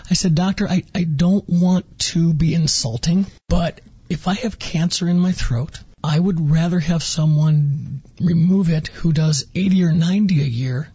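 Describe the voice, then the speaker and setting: A man's voice: on the high side, steady tone, normal speed, few pauses, mellow, breathy edge, no echo, highs cut off. A man guest on a radio interview, earnestly recounting his experience and acting out quoted dialogue. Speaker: interview guest, former patient.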